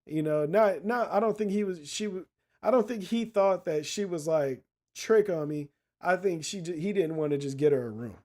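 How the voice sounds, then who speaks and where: A man's voice: sits high, normal speed. Profane, slangy male commentator. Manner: blunt, profane, animated storytelling with street slang. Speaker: podcast host. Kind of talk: casual commentary monologue.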